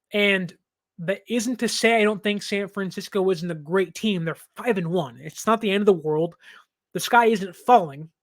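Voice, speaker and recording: A man's voice: high-pitched, a bit bright. A man in his twenties hosting a sports reaction show, talking in an emphatic, impassioned way and laughing now and then. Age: 20s.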